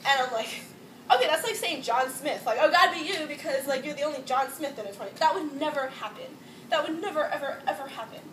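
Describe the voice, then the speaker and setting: A young woman from Hawaii recounts a personal ordeal in loose, emotional speech, peppered with "like" and nervous laughs. Her voice sits high, and it reaches the mic from some distance in a roomy, echoing space with steady noise underneath. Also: fast. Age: young adult. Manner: casual, emotional storytelling with frequent "like" and nervous laughs. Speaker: student speaker. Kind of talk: personal testimony to a crowd. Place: echoey indoor campus space. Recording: distant mic in an echoey room with background noise.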